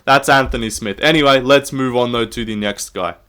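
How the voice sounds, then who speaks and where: A man's voice: medium pitch, a little fast, bright, forceful tone, clean tone. Rambling jokey young man. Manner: rambling, jokey, swears often, laughs at himself. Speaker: YouTube MMA commentator. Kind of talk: casual comedic commentary.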